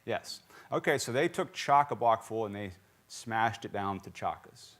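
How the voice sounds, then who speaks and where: This lowish-voiced pastor, raised in South Carolina, speaks at a normal pace during a sermon in the church sanctuary. He quizzes the congregation and jokes with them in a lively way.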